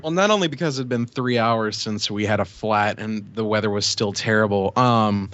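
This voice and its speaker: A man co-hosting a podcast, telling a story in casual chat with a relaxed, amused manner. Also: on the low side, normal speed, no echo. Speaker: podcast co-host. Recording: dull lo-fi podcast audio.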